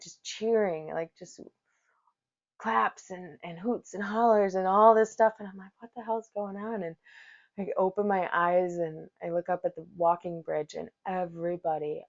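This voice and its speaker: A woman's voice: fairly low pitch, vocal fry. A woman hosting a podcast, telling a rambling, profane story in casual talk. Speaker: podcast host, yoga teacher. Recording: dull lo-fi recording.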